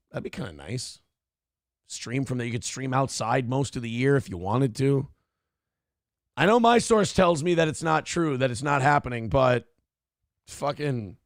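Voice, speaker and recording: This late-night streamer is a man with a creaky, mid-range voice, recorded cleanly in a studio with no echo. A little drunk and tired, he chats casually with plenty of profanity and breaks into irritated rants.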